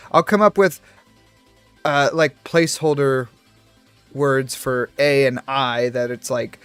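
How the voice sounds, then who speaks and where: A man's voice: mid-range voice, a bit bright, clear, resonant tone, dry recording. A young man chatting casually on a game livestream, rambling from one tangent to the next and poking fun at himself. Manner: rambling, tangent-hopping, self-deprecating. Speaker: streamer. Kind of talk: casual livestream chat while gaming.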